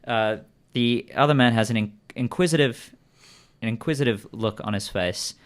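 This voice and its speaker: A man narrates a tabletop game as its game master, relaxed and prone to joking asides. His voice is smooth and resonant at an ordinary pitch. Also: moderate pace. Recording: faint network glitches over a stream.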